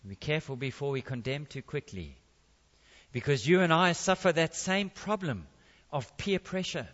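A man's voice: a little high, lively intonation, normal speed, fairly bright tone, long reverb tail, dull audio. A man preaching a sermon in a conversational way, with jokey asides.

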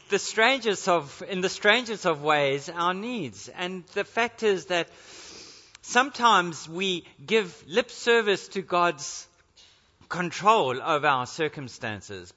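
A man's voice: high voice, pushed and bright, big-room sound, lo-fi sound. A man preaching a sermon, telling a story and then building to earnest emphasis.

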